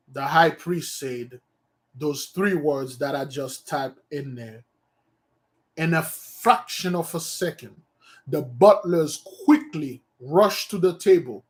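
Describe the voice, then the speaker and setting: A man's voice: on the high side, lively intonation, slow. A man leading an informal study session, reading a text aloud and explaining it in a rambling, self-correcting way. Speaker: study host.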